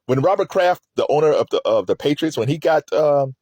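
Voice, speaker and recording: Rambling, laughing man, lively pitch. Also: a little fast, breathy edge, no echo, studio quality. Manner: rambling, laughs often, frequent restarts. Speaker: commentator on a court trial. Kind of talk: casual commentary.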